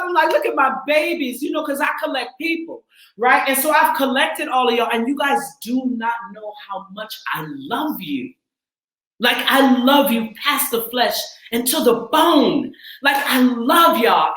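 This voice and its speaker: Forties woman from the twin cities, coaching actors, emphatic and loud at times, highish voice, roomy echo. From Twin Cities, Minnesota. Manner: animated and emphatic, laughing, rising into shouts. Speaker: actress and acting coach. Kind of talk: casual heartfelt talk.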